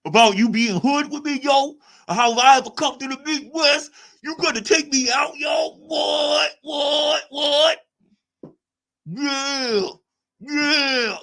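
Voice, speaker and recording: A man imitating a brash young male chat commenter who taunts and shouts in a loud, challenging voice. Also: very high voice, takes it slowly, gravelly, pitched above the performer's own voice, full character voice. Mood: taunting. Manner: shouty, challenging, says "yo" a lot.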